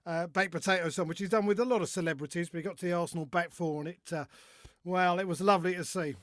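A man's voice: high voice, fairly even intonation, quick pace, no room sound, clean studio sound. A man hosting a sports podcast in casual chat, teasing his guests in a jokey, upbeat way. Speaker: podcast host.

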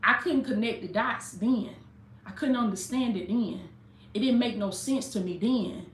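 A woman preaches a live-streamed sermon, speaking fervently and straight to her listeners. She sounds a little jittery from coffee. Her mid-pitched voice rings out in an echoey room. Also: moderate pace, slight background noise. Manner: fervent preaching with casual direct address. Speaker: life coach and preacher.

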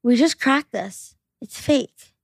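A woman's voice: high-pitched, slow, gravelly, dry recording, clean studio sound. A young adult woman co-hosting a casual chat podcast, mocking and profane, laughing often. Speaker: podcast co-host.

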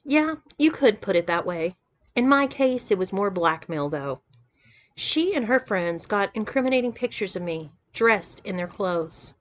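A woman's voice: medium pitch, lively intonation, a little slow, lightly acted. A woman voicing a nervous young man who stammers and defends himself as he is questioned. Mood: confessing. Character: flustered young man, the story's narrator, hiding a past.

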